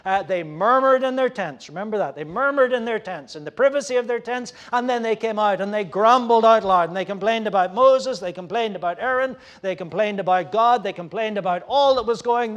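A man preaching a sermon in an earnest, halting way, with many fillers and restarts, growing louder when he voices complaints. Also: sits high. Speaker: pastor.

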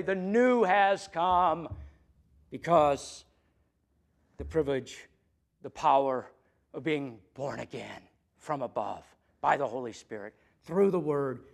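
Male pastor, sermon delivery; emphatic, shifting between loud stresses and quiet asides. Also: a little high, vocal fry.

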